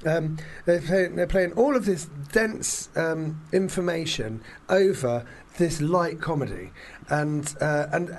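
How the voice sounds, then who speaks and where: A man hosting a casual podcast chat, retelling film scenes in a rambling, animated way with lots of fillers. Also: a little high, slow, slight background noise. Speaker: podcast host.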